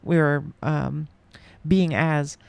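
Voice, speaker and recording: A man hosting a podcast in casual chat, rambling with many pauses and restarts. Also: fairly high pitch, fairly even intonation, gravelly, smooth, no echo. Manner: rambling, lots of ums and restarts. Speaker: podcast host.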